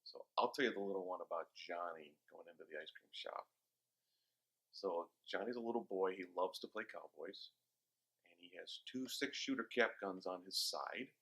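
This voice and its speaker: Low husky guy telling an old family joke slowly, lots of ums. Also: a bit bright.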